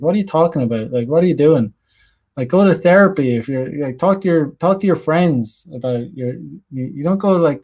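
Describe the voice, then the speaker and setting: A young man hosts a casual livestream, reading chat messages and rambling crudely with lots of fillers and frequent laughter. His voice is medium-pitched with a darkish tone.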